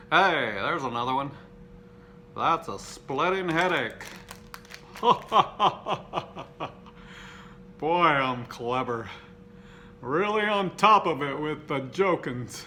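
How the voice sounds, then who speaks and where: A man hosting a casual unboxing vlog, slow and unhurried, with a bright, sharp edge to his fairly high voice. He swears freely and cracks crude jokes, then mocks himself deadpan. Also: a little hiss or hum. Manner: crude, profane joking; deadpan self-mocking. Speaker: video host.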